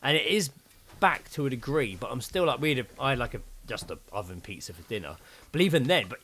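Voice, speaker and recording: Lively man telling a story. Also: mid-range voice, fast talker, a little hiss or hum. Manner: animated storytelling, acting out quotes, swearing. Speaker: podcast co-host. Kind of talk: casual chat.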